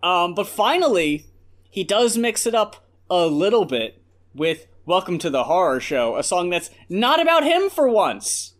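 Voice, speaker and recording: High, lively, ranting male co-host. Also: measured pace. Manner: blunt, profane ranting. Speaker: podcast co-host. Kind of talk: casual album review chat.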